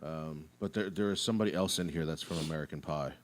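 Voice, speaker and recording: A man's voice: a bass voice, fast talker, slight background noise. A man co-hosting a podcast in casual chat, telling stories emphatically with plenty of swearing. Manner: animated, profane, emphatic storytelling. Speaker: podcast co-host.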